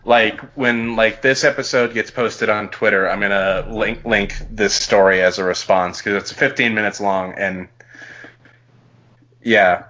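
A man co-hosting a podcast, reading a listener's story aloud in a slow, hushed, put-on sexy voice. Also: lowish voice, fairly even intonation.

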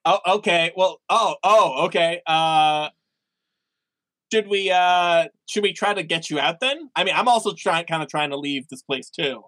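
Bright-voiced excitable man playing along. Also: on the high side, a little slow, dry recording. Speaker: player. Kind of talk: improvised tabletop role-play.

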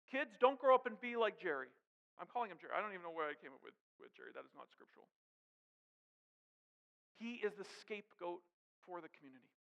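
A man with a high voice delivers a lively sermon, tossing in jokes and questions to his listeners. His voice rings with a long reverb, as if recorded in a big hall. The sound is dull and muffled. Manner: animated preaching with asides and humor. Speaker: pastor.

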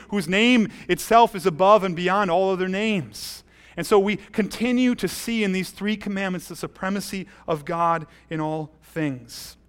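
A man's voice: high voice, fairly bright tone. Earnest male pastor preaching. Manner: earnest preaching with frequent restarts. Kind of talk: sermon.

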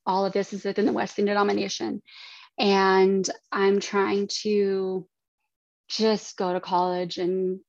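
A woman in her thirties, a podcast guest, giving personal testimony in an earnest, halting way. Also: medium pitch, little pitch movement, gravelly, no room sound. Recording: dry, slightly dull lo-fi sound.

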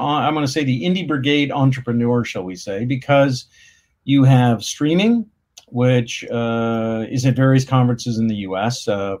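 A man's voice: medium pitch, a little mellow. Man explaining at a podcast. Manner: explanatory, many fillers and restarts. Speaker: podcast guest. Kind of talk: casual podcast interview.

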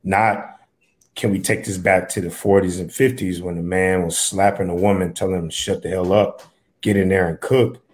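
Man, low voice, casual chat, blunt, profane, joking. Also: flat delivery, normal speed.

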